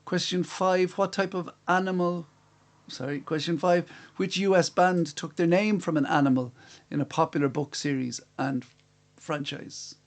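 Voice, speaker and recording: A quiz host runs a live-streamed quiz from a room at home, reading questions and answers aloud and adding chatty, self-mocking asides. His voice is fairly high, at a moderate pace.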